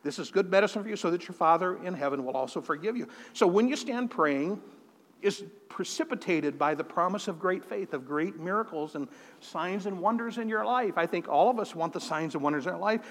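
A man's voice: high-pitched, lively intonation, brisk, fairly bright tone. A man preaching a sermon, telling a personal testimony in an earnest way and often repeating words as he starts a phrase. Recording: long hall reverb.

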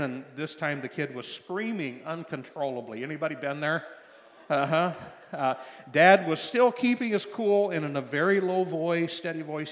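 An older man preaching a sermon, telling stories in a folksy way with many pauses and restarts. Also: a little high, fairly bright tone. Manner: folksy storytelling with frequent fillers and restarts. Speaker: pastor. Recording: long hall reverb.

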